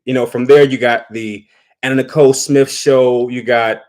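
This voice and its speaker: A man's voice: medium pitch, fairly even intonation, normal speed, darkish tone. A man giving casual spoken commentary, talking loosely and often repeating words as he thinks. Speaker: vlogger.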